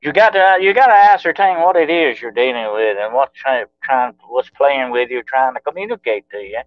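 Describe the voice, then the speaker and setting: A man's voice: mid-range voice, normal speed. Guy calling in as a guest, earnest and explainy, lots of uh and you know, sounds kinda dull and lo-fi. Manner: earnest, explanatory, filler-heavy storytelling. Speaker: guest paranormal investigator. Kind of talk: casual chat.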